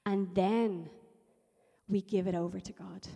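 A woman's voice: mid-range voice, steady tone, measured pace, creaky, pauses often, dark tone, husky, long reverb tail. A woman preaching a sermon in an emphatic, repetitive style that builds in intensity.

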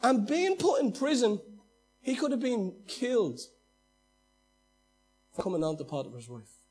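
Man, pastor, sermon, very high voice, husky, animated, faint music behind. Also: a little slow. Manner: animated preaching, acts out quoted speech, swings between loud and hushed.

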